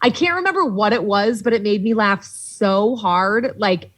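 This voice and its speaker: A young woman from Boston with a Boston accent, a comedian guest telling lively stories in casual podcast chat and acting out the voices she quotes. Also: mid-range voice, moderate pace, poor audio.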